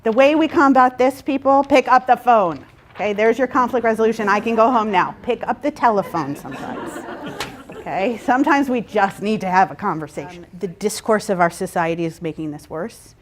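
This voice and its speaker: Animated woman leading a workshop. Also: medium pitch, a little fast. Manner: animated, checks in with rhetorical "right?" and "okay?". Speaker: workshop facilitator. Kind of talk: interactive workshop talk.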